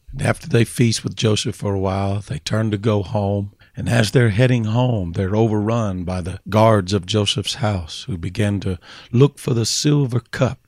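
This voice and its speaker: A man's voice: fairly low pitch, a little mellow, dry recording, studio quality. A man preaching a fervent sermon, retelling a story and building to impassioned calls to his listeners.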